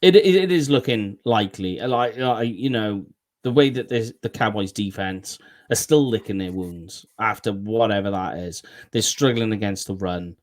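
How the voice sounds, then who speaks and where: A man co-hosting a sports podcast in easygoing casual chat, agreeable and a little halting. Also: lowish voice. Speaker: podcast co-host.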